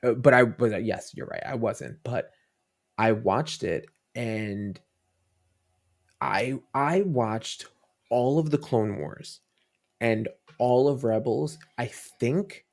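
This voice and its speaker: Gravelly-voiced dad telling stories. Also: male voice, mid-range voice, slow pace. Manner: rambling storytelling with many fillers and restarts. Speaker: podcast guest. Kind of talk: casual interview chat.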